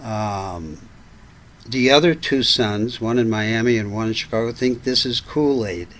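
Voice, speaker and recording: An older man appears as a talk show guest, telling family stories in a chatty, anecdotal way and laughing as he goes. His medium-pitched, fairly bright voice moves a little slowly, and the recording is rough.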